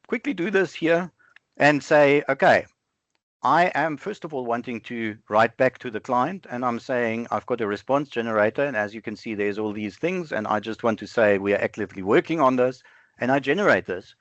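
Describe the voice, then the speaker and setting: A man presenting a live software demo over an online webinar, thinking aloud in a conversational way and often correcting himself. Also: medium pitch, lively intonation, no echo. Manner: conversational, self-correcting, halting fillers. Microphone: online webinar with screen sharing. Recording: dull, dry lo-fi online call audio.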